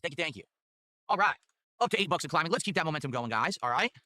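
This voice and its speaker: A man's voice: a little high, expressive, very fast, sharp tone, no echo, studio quality. A man livestreaming, thanking donors and boasting in a chatty, casual way.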